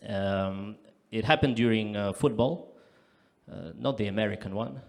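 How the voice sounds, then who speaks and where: On a club stage, a man with a fairly low, gravelly voice does live stand-up at a measured pace. He lands deadpan punchlines and breaks into loud, acted-out voices.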